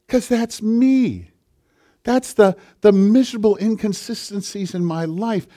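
A male pastor preaching a sermon with passion, swinging from forceful declarations to hushed, intimate asides. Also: fairly high pitch, lively intonation, a little slow, breathy edge.

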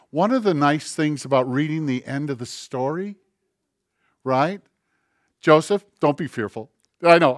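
A male pastor delivers a sermon in an earnest, conversational voice that sits a little high for a man. He slows down to lean on key phrases and slips into acted-out asides. The sound is close and dry. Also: dry recording. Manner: acts out dialogue and asides.

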